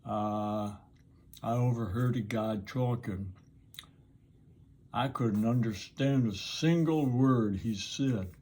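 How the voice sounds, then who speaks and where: An older man with a Southern American accent, talking casually to his camera outdoors in an unhurried, rambling way with plenty of pauses. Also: mid-range voice, darkish tone, slight background noise. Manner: slow, rambling and unhurried with frequent uhs. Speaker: vlogger. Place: outdoors in the sun.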